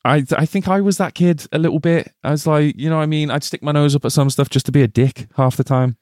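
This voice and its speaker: A man's voice: a little high, fairly even intonation, quick pace, darkish tone, dry recording, studio quality. A man co-hosting a comedy film podcast, swearing, joking and laughing often in casual chat. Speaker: podcast co-host.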